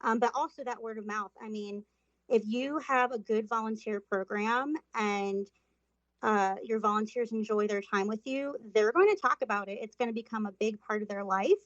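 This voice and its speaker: A woman's voice: on the high side, steady tone, moderate pace, no room sound. Woman, from Florida, podcast guest, earnest, lots of ums, dull dry recording. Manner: earnest, many um fillers. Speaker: guest, volunteer manager. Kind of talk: interview answers.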